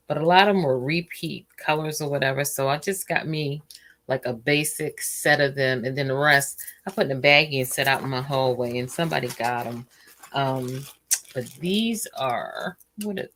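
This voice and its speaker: Tired woman host, low voice, chatty and meandering, casual home stream with faint noise. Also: fairly bright tone. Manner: rambling and chatty, trails off with fillers. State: tired and yawning. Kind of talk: casual livestream chat.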